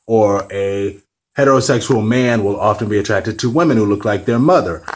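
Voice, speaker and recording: A man's voice: fairly low pitch, rough recording. A man talking candidly to camera in a casual vlog, rambling with self-deprecating, apologetic asides. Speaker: vlogger.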